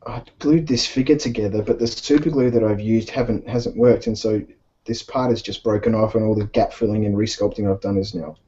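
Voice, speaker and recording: Brief: easygoing man, mellow tone, chatty and rambling, dull lo-fi recording. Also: lowish voice, fairly even intonation, fairly quick. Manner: rambling, many fillers and restarts. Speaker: podcast co-host. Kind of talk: casual chat while painting miniatures. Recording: dull lo-fi sound.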